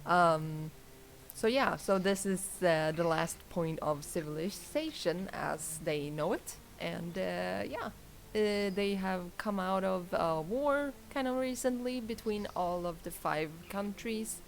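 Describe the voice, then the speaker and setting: A woman hosting a tabletop game stream as game master, talking slowly and hesitantly and laughing often. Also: on the low side, vocal fry, a little hiss or hum. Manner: slow, hesitant, giggly. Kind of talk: casual tabletop game narration.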